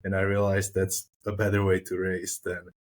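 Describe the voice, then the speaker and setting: Low-voiced man, matter-of-fact guest. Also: completely flat delivery, moderate pace. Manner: plain, matter-of-fact, lots of fillers. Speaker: podcast guest, new triathlete. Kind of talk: casual podcast chat.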